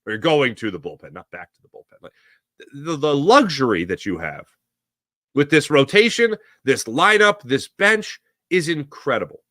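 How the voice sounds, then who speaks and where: A man hosting a sports podcast, talking through recent games in excited, rambling, fan-like commentary. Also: medium pitch, normal speed, dry recording, studio quality. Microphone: podcast mic.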